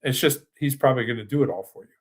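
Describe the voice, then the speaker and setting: A man's voice: medium pitch, racing, husky. An older man, a financial advisor, hosting a webinar in a chatty, rambling style and answering audience questions. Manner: chatty, with frequent restarts and asides. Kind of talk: casual presentation with live Q&A.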